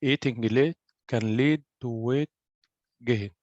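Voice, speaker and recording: A man learning English in an online class, halting and searching for words. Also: mid-range voice, darkish tone, no room sound, lo-fi sound. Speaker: English student.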